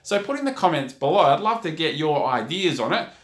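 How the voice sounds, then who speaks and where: A man's voice: a little high, sing-song, fairly quick. A middle-aged man, a sales trainer, telling a story and coaching viewers in a motivational video talk. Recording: echoey room.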